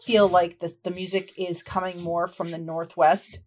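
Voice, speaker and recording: A woman's voice: lowish voice, moderate pace, slight background noise. Lady running a tabletop game, chatty and easygoing, lots of ums. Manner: relaxed, chatty, with fillers. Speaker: game master.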